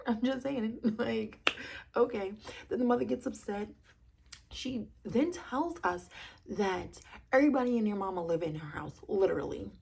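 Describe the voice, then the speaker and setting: A woman chatting casually as she reviews a reality show, sassy and gossipy with animated asides. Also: mid-range voice, moderate pace, vocal fry, husky.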